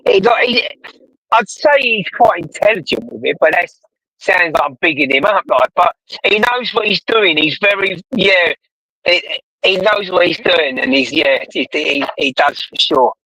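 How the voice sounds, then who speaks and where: A British man with a high, bright voice chats in a loose, rambling way, swearing freely. The sound is close and dry, with no room around it. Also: lively intonation, measured pace, breathy edge, dry recording, poor audio. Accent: British English. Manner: rambling, swears a lot, chuckles. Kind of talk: casual chat.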